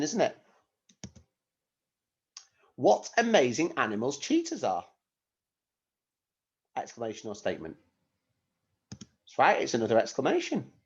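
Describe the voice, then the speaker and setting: This man speaks at a medium pitch with a darkish tone, teaching young children in a recorded primary school lesson. Patient and clear, he explains each step and keeps asking the children rhetorical questions, all captured in dull lo-fi audio.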